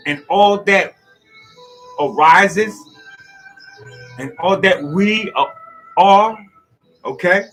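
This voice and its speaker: A man with giving a rambling, preachy motivational monologue that swings from loud outbursts to low asides. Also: drawn-out words, long pauses, faint music behind. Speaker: speaker giving a motivational talk.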